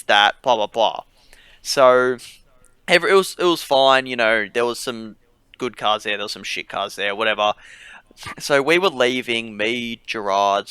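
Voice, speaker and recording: Bright, crisp Australian guy rambling. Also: medium pitch, no echo. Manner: rambling, profane, many fillers. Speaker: podcast host. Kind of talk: casual storytelling.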